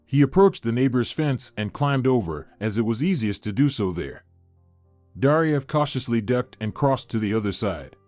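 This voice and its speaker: A man reading a dramatic story aloud in an even, measured storytelling manner. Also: medium pitch, no room sound, soft background music. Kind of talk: scripted story narration.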